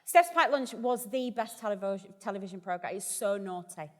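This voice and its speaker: A woman's voice: mid-range voice, normal speed, long reverb tail. A woman vicar as the guest in a live stage conversation, chatty, jokey and self-deprecating. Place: festival event hall.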